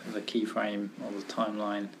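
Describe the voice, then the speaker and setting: A man's voice: lowish voice, completely flat delivery, a little fast, a bit bright, a little hiss or hum. A man co-hosting a casual podcast chat, making dry teasing remarks. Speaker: podcast co-host.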